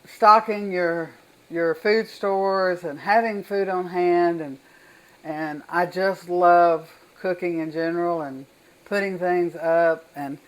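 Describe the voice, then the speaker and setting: A woman's voice: lowish voice, rough recording. An older woman with a Southern US accent, chatting folksily and enthusiastically while demonstrating home cooking in her kitchen.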